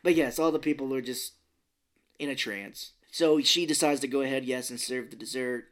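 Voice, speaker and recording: A man's voice: mid-range voice, moderate pace, fairly bright tone. A man co-hosting a podcast, chatting casually as he recaps a film, acting out the characters' lines in funny voices and swearing freely. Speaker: podcast co-host. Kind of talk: casual movie recap chat.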